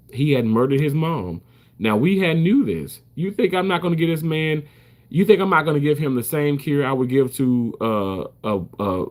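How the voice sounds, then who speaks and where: A man who works as a surgical first assist, talking casually to the camera in an emphatic way, repeating himself and swearing freely. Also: mid-range voice.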